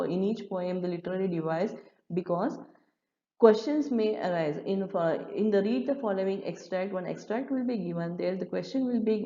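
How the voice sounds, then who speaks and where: A woman's voice: medium pitch, warm tone. A woman with an Indian English accent teaching a poem in a classroom-style lesson, explaining patiently with frequent restarts. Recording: echoey room, dull lo-fi sound.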